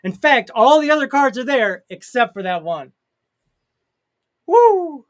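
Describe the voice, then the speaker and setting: A man's voice: very high-pitched, expressive, normal speed, a bit bright. A man co-hosting a casual chat, telling stories and laughing often. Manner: jokey storyteller, laughs often. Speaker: podcast co-host.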